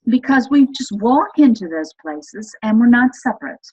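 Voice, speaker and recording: A woman's voice: fairly high pitch, expressive, moderate pace, a little mellow, slightly rough, muffled recording. A woman speaking as a guest in an interview, explaining her ideas in an earnest, enthusiastic way. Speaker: guest expert on voice and energy healing.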